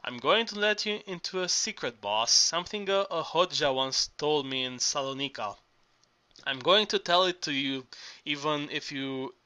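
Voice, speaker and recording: Male reader doing a bright, forceful, earthy older Greek man, coaxing and urgent, lots of restarts. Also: on the high side. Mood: confiding. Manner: urgent, coaxing, persuasive talk with frequent stumbles and restarts. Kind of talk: audiobook reading.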